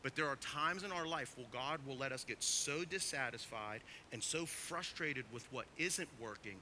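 A man preaching a sermon as pastor, emphatic, swinging from quiet asides to loud, urgent stresses. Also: mid-range voice, normal speed, a little hiss or hum.

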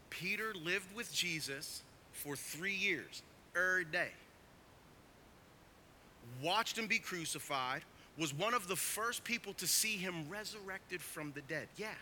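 A man preaching a sermon as pastor, emphatic, swinging from quiet asides to loud, urgent stresses. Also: high voice, slow, pauses often, a little hiss or hum.

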